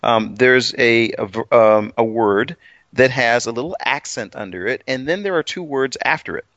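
A man's voice: medium pitch, normal speed, a bit bright, dry recording, muffled recording. A man co-hosting a casual Bible study chat, rambling and self-deprecating, with plenty of restarts. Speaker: co-host.

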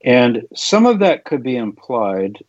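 A man's voice: medium pitch, very animated, measured pace, a little mellow, dry recording, muffled recording. A man explaining a Bible passage and its Hebrew wording in a conversational, lecturing way. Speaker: Bible teacher. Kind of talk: conversational scripture discussion.

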